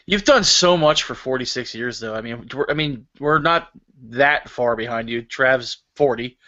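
A man's voice: mid-range voice, normal speed, sharp tone, dull audio. A man in his thirties hosting a podcast, laid-back and encouraging in casual chat. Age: 30s. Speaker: podcast host.

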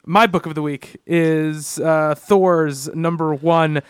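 A man co-hosts a relaxed comic book chat, circling his points with false starts and repeated words. His voice sits a touch high and the recording is dry and close with no room sound. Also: slow, clear, resonant tone, dry recording. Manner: rambling, many restarts. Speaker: podcast co-host.

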